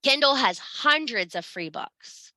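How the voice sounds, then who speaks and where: A woman's voice: high voice, lively intonation, takes it slowly, bright, forceful tone, dry recording. A woman teaching a spiritual class, blunt and profane, scolding and urging her students. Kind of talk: blunt motivational class talk.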